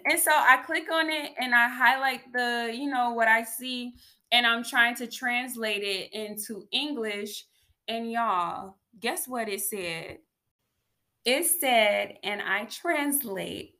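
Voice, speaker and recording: Woman vlogger, animated testimony, unhurried delivery, crisp bright tone. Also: fairly high pitch. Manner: animated, chatty, addresses viewers as y'all. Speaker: faith vlogger. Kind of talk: casual testimony to viewers.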